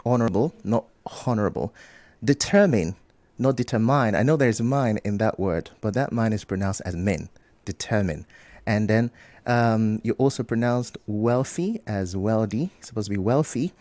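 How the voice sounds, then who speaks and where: A man in a radio studio, briskly correcting student debaters' pronunciation word by word and explaining each fix. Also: on the low side, mellow, no room sound. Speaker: pronunciation coach on a radio show.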